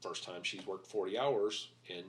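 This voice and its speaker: Halting, blunt middle-aged man, low voice. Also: slight background noise. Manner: halting, with many fillers and restarts; blunt and profane. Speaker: podcast guest. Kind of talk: candid interview talk.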